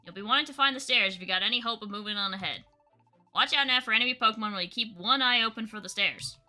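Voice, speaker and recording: A woman doing a Southern leaf creature guy, folksy drawl, bright tone, faint game music behind. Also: a little high, fast talker. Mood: reassuring. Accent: American Southern. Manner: drawling, homespun phrasing. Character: folksy male leaf creature guide, calm and helpful.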